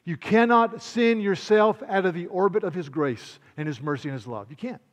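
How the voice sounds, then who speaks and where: Impassioned preacher in a reverberant hall. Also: male voice, high-pitched, normal speed. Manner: impassioned, swings from loud proclamation to quiet intimacy. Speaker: pastor. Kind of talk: sermon.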